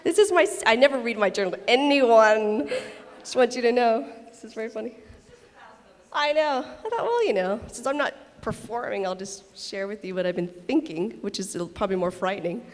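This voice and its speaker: A woman's voice: a little high, animated, moderate pace. A woman from Texas, an actress at a fan convention, reads her journal aloud with hesitant, self-conscious laughs. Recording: reverberant convention hall.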